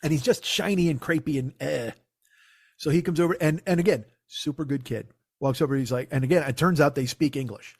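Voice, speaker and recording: A man's voice: a little high, fairly quick, husky. A middle-aged man hosting a comedy podcast, telling a rambling, profane anecdote in casual chat.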